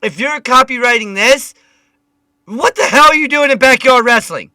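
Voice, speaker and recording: A man hosting a casual live-streamed chat show, loud and animated, swearing often. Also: very high-pitched, moderate pace, dry recording. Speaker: podcast host.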